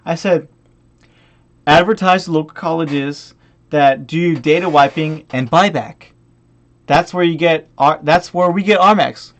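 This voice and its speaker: A man with non-native English in a buzzed, profane vlog rant, angrily mocking the people he quotes. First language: not English. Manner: angry, swearing, mocking quoted customers; animated, pitch jumping up and down. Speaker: vlogger.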